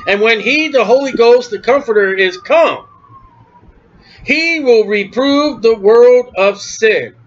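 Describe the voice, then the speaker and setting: A man preaching a forceful, emphatic sermon on scripture. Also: very high voice, slow. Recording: dull lo-fi recording.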